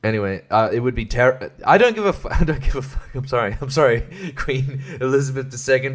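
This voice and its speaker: A man's voice: medium pitch, expressive, fairly quick, hardly any pauses. A man hosting a solo podcast, ranting in a profane, irreverent way and laughing mid-sentence. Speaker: podcast host. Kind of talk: casual solo podcast rant.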